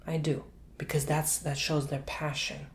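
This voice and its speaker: A man giving a soft-spoken ASMR tarot and coffee cup reading, chatty and rambling, with casual slang and whispered asides. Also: a little high, level tone, normal speed, a little hiss or hum.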